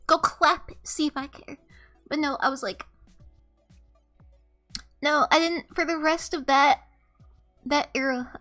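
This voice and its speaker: Very high, bright-voiced young woman streamer. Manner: animated, laughs often, swears casually. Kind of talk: casual storytelling to chat.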